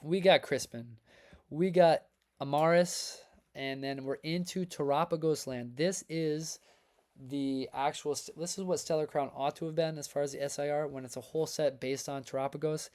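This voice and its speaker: A man's voice: a little high, normal speed. A man hosting a trading card livestream, chatting casually with viewers in a hyped, upbeat way, his voice worn from reading. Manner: energetic, hype-filled, talks to chat as folks and man. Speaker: livestream host reviewing trading cards.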